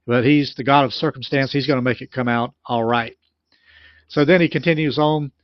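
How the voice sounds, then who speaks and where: A man's voice: medium pitch, fairly even intonation, moderate pace, no room sound. Man retelling a story, dull dry sound. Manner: retells a story in plain spoken terms, with restarts. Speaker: commentator on a recorded sermon. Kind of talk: explanatory commentary.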